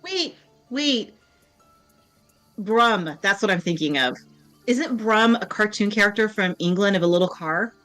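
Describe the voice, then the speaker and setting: A middle-aged woman, a streamer's mother, chatting in a mid-pitched voice. She talks in a dry, playful way, with faint music playing behind her. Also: animated, a little slow, long pauses, a bit bright. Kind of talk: casual stream chat.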